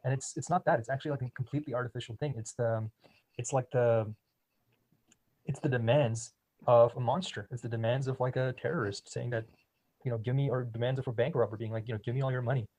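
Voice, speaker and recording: A man's voice: mid-range voice, steady tone, fairly quick, darkish tone, poor audio. A man hosting a podcast and coaching a listener in casual conversation, explaining with everyday analogies and many ums. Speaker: podcast host and quitting coach.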